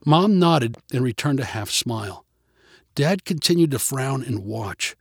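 A man narrating a storybook in an expressive, even-paced way. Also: medium pitch, a little slow, dry recording, clean studio sound. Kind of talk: storybook reading.

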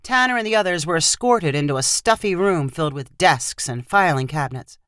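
A woman narrating a short fiction story with steady, expressive storytelling. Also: sits low, fairly quick, clean tone, dry recording, clean studio sound.

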